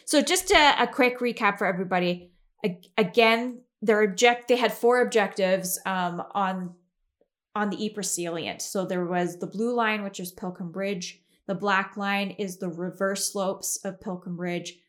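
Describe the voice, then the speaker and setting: A woman's voice: mid-range voice, unhurried, fairly bright tone. A woman hosting a podcast, giving a casual history recap in a chatty way with fillers and frequent giggles. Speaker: podcast host.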